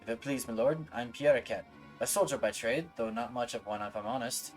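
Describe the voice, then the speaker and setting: A man voicing a grumbling low-born soldier from a game, reading in a rough, folksy, low-key manner. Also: fairly even intonation, a little fast, soft background music, natural voice. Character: grumbling common male soldier.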